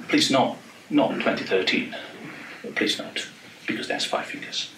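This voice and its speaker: Animated joking man in an echoey hall. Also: medium pitch, background noise. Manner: joking, animated, quick asides. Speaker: panel speaker. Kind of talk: academic talk. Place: lecture hall. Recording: echoey lecture hall from far off.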